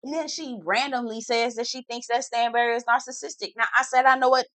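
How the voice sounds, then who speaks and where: Sassy slangy woman, casual reality tv recap, drawn-out emphasis, dry close sound. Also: on the high side, steady tone, a bit bright, no room sound. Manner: sassy, slangy, blunt commentary. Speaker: TV recap reviewer.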